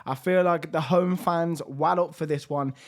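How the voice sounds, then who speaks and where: Young male game commentator, slightly high voice, strained, swings hushed to excited. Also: normal speed. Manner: lively, shifts between hushed and excited. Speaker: gaming YouTuber.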